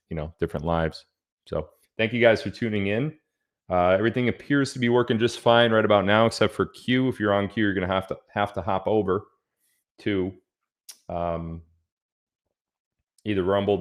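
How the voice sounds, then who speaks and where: A man hosting a casual livestream, rambling and joking as he reads out where viewers are from. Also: sits low. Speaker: livestream host.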